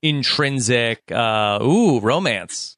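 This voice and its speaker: A man's voice: medium pitch, lively intonation, a bit bright, dry recording, clean studio sound. Easygoing man with a mid-range voice. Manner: easygoing, many agreeing murmurs, halting with fillers. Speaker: podcast co-host. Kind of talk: casual chat recapping a reality show.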